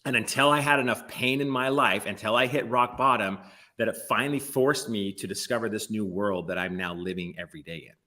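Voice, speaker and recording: Man, motivational speaker, bright forceful voice, emphatic, rambling delivery. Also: fairly low pitch, a little fast. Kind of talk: motivational panel talk.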